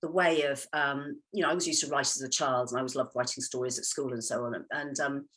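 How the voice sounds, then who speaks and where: A woman's voice: rumbling low, fairly even intonation, fast, fairly bright tone. A woman novelist chatting in an interview, hesitant with many ums and laughing often. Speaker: novelist guest. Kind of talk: casual interview chat.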